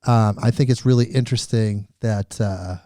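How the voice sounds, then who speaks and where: A man's voice: lowish voice, moderate pace, dark tone, no room sound, clean studio sound. A man hosting a podcast, chatting in a laid-back, rambling, joking way. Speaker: podcast host. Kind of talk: casual chat.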